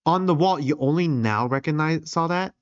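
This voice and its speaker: A man's voice: fairly high pitch, moderate pace, smooth, no room sound, lo-fi sound. A man casually commenting and joking while streaming a game, thinking aloud. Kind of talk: live gameplay commentary and reading. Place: outdoors, quiet.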